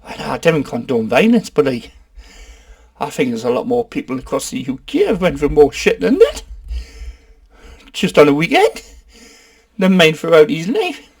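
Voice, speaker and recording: A man's voice: fairly high pitch, vocal fry. A Geordie man hosting a casual comic film review, rambling and swearing as he jokes. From North East England. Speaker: film reviewer, channel host.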